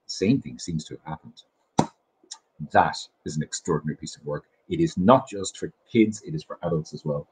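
A man's voice: rumbling low, normal speed, slightly rough, rough recording. A middle-aged Irish man hosting a casual chat show from his kitchen in a chatty, self-deprecating way. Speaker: host. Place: home kitchen.

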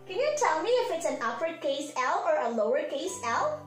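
Woman, preschool teacher, high bouncy voice, echoey room. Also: sing-song, soft background music. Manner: slow, sing-song, encouraging teacher talk. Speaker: pre-K teacher. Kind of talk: remote morning message lesson for small children.

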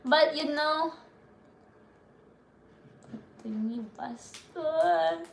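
A young woman with a Cebuano Filipino accent hosts a casual live stream, giggling and reading comments aloud. Her voice sits high, and she speaks in a very slow, drawn-out way. The sound carries an echo from the room. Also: gravelly, a little hiss or hum. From Philippines. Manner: giggly, playful, mixes in local words.

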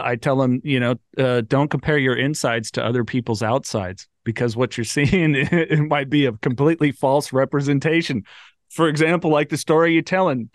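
A man's voice: medium pitch, dry recording, clean studio sound. A man hosting a podcast, talking bluntly in a casual, rambling way and swearing freely. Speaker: podcast host. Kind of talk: casual interview chat.

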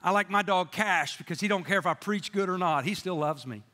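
A middle-aged male pastor delivers a sermon in a church, his voice sitting fairly high for a man. He talks in a folksy, storytelling way, with jokes along the way. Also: brisk, pushed and bright, in a large hall. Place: church sanctuary with congregation.

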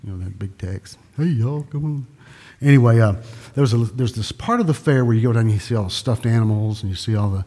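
A man from Texas talks his way through card tricks on a live stream, his husky voice trailing off in a long reverb. He rambles, restarts and drops corny jokes between moves. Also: lowish voice, fast, dark tone. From Dallas, Texas. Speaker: magician. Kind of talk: live-streamed magic show with joking patter.

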